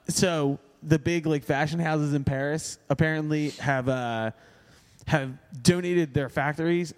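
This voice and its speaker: Guy with kinda high voice, animated podcast chat, swears a lot, echoey reverb room. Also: smooth. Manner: animated, swearing, lots of fillers. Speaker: podcast co-host. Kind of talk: casual chat.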